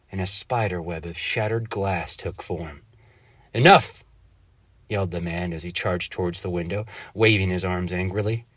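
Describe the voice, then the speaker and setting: A man's voice: deep voice, husky, no room sound. A man narrating a short bedtime-tale-turned-spooky story, drawing out the suspenseful moments. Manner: dramatic, slows for suspense.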